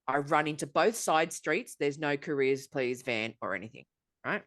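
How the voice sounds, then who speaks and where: A woman's voice: sits low, normal speed, a bit bright. A woman with an Australian accent hosting a casual podcast chat, telling a long story in an exasperated, sweary way. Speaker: podcast host.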